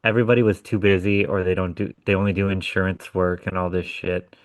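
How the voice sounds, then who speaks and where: Man, very low voice, blunt and profane, casual storytelling, dry close sound. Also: little pitch movement, quick pace, dry recording. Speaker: podcast co-host. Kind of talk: casual chat.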